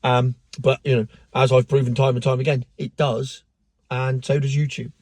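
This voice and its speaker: A man's voice: mid-range voice, little pitch movement, normal speed, a little mellow, dry recording. A man giving a sardonic, mocking rant in casual commentary, with the odd swear word. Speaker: car vlogger.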